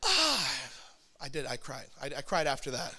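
Man, pastor, sermon story, high voice, bright tone, animated, self-deprecating. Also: moderate pace.

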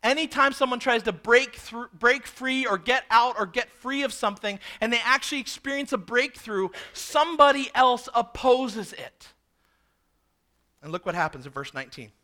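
A man delivers a sermon in a high-pitched voice. His tone is bright and sharp, and he leans hard on key words before falling to a hush. His pace stays that of a preacher explaining scripture. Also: a little fast, hardly any pauses. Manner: expressive preaching, rising and dropping for emphasis. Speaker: pastor.

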